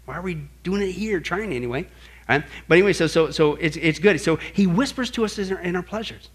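A male pastor giving a lively teaching sermon, asking the congregation questions and acting out what God says. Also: sits high, fast, slightly rough. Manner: animated, asks the crowd questions, acts out God's voice.

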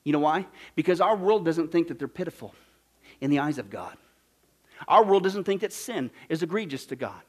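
Animated male pastor from Kansas, high voice, jokey sermon delivery, loud-to-hushed swings. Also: moderate pace. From Kansas, United States. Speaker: pastor teaching a Bible study.

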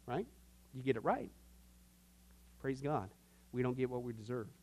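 A man's voice: medium pitch, normal speed, darkish tone. A man teaching an informal Bible class, folksy and joking, often slipping into quoted voices.

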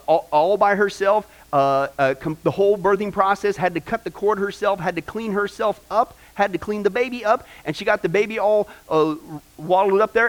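A male pastor preaching a sermon, telling family stories in an animated way with many "uh" fillers. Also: high-pitched.

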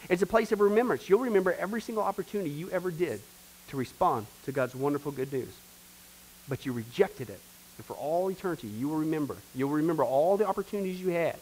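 A man's voice: a little high, expressive, fast talker, a little mellow, poor audio. A man teaching a church discipleship class in an emphatic preaching style, repeating phrases and talking straight to the group. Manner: emphatic, repetitive, addresses the class directly.

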